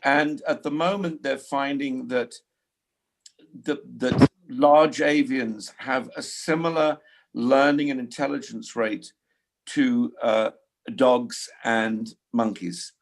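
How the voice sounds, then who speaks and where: Older man, gravelly voice, casual chat, restarts sentences a lot. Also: medium pitch, fairly even intonation, takes it slowly. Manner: rambling with frequent restarts. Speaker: guest. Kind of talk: casual conversation.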